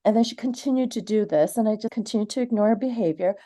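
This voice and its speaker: A woman in her forties gives public comment as personal testimony. Her voice is warm and mellow, and her delivery is earnest and candid. She grew up in Canada. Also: medium pitch, fast talker. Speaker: community member giving public comment.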